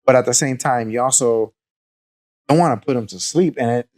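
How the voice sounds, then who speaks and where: Male co-host, casual fight analysis, calm candid delivery, mid register. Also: mid-range voice. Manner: measured, candid, hesitant with fillers. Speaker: podcast co-host. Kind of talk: casual fight recap chat.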